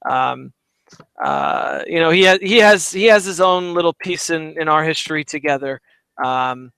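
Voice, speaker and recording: A man's voice: on the high side, moderate pace, vocal fry, fairly bright tone, clear, resonant tone, no room sound. A man co-hosting a casual sports podcast, teasing his partner wryly and leading with questions. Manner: teasing, wry, asks the questions. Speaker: podcast co-host.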